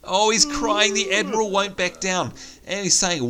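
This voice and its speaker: A man's voice: sits high, steady tone, normal speed, pushed and bright. A young man, giving chatty, enthusiastic let's play commentary on what is on screen. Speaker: gameplay commentator.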